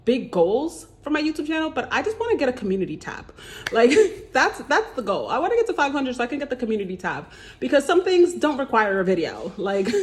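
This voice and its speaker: A woman's voice: fairly low pitch, noisy background. A woman in a casual budgeting vlog, talking through her spending in a chatty, rambling way, often correcting herself mid-sentence. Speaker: budgeting vlogger.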